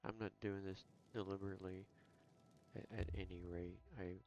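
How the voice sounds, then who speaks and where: A man talks through his fantasy game in a low, gravelly voice, stammering and repeating himself as he vents. Game music plays loudly under his voice. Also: flat delivery, moderate pace, dull audio. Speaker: gamer streaming a playthrough. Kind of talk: casual gameplay commentary.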